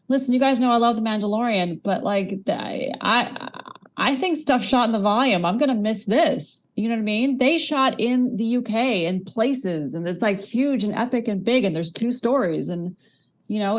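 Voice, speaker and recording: A woman cohosting a podcast, speaking enthusiastically in quick bursts with repeated starts. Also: medium pitch. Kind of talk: casual chat.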